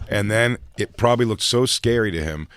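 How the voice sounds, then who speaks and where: This comedian guest speaks in a lowish, clean-toned voice at a fairly quick clip, recorded dry. Chatting casually in the studio, he rambles through an animated story and performs the voices of its characters.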